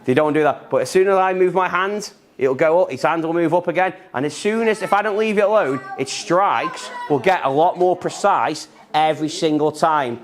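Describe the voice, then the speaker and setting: A young man gives an enthusiastic, repetitive live educational talk to children about snakes, handling animals in a museum room. His voice is fairly high-pitched, at a normal speed with few pauses.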